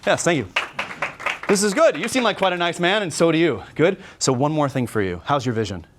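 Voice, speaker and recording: A man giving a workshop talk at a convention. He speaks energetically and conversationally, keeps tagging his points with quick questions to the room, and shifts into showman patter when he demonstrates. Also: fairly high pitch, background noise. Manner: energetic, conversational, many "right?" tags.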